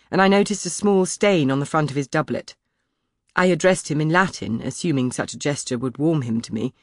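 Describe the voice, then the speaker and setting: A man reading a first-person historical audiobook in a measured, expressive storytelling manner, close to the microphone. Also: on the high side, no room sound. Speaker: audiobook narrator. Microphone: close studio mic.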